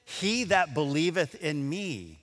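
A man preaching a sermon with a high, bright voice that swings widely in pitch. He takes his time, reading scripture aloud and acting out the speakers, and his words ring through a hall with a long echo. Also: very animated, slow pace.

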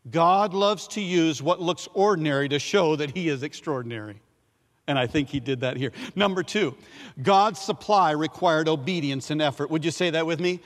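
A man with a somewhat high voice preaches to a congregation, repeating key phrases and asking them to say lines back. He pushes up for emphasis and then falls to near-hushed tones. His voice rings out with the long reverb of a big sanctuary. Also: expressive, moderate pace. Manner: call-and-response, repeats key phrases, swings from loud to hushed. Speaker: pastor. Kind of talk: sermon.

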